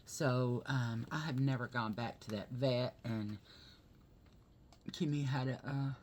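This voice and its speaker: A woman with a notably low voice chats into a close camera while doing her makeup. She tells her story in a loose, chatty way and gets loud and fired up as she retells it. A faint hiss sits under the recording. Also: slow pace. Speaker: vlogger.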